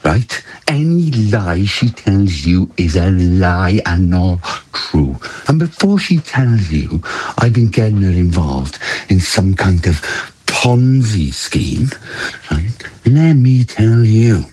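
A man voicing a middle-aged man with a husky, rough voice. He speaks slowly and deliberately, his pitch swinging widely as he protests his innocence. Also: very animated, darkish tone, full character voice, rough recording. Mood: indignant.

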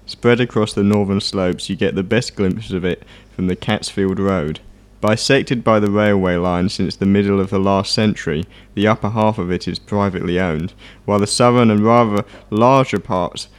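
A man on a radio show, reading a passage aloud steadily and clearly. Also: on the low side. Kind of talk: casual chat and reading aloud.

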